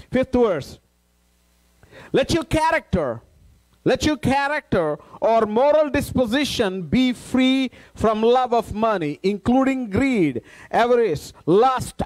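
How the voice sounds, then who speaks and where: A man with a strikingly high voice preaches to his congregation. He reads scripture slowly and then drives the point home, repeating key phrases for emphasis. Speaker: pastor. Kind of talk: sermon. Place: church.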